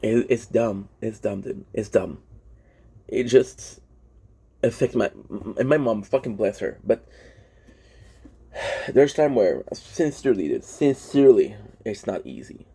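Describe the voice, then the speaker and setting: In a fairly low, mellow voice that's creaky and breathy, a young vlogger whose first language is French vents about his life a little slowly, with lively intonation and long pauses. He swears a lot, speaks frankly, rambles and restarts often.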